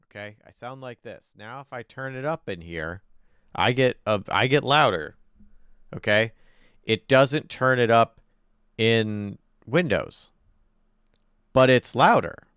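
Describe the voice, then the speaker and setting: A man's voice: medium pitch, expressive, slow, long pauses, a bit bright, clean tone, no room sound, studio quality. A man live-streaming from home, thinking aloud in casual chat while he fiddles with his desk microphone settings and gets frustrated.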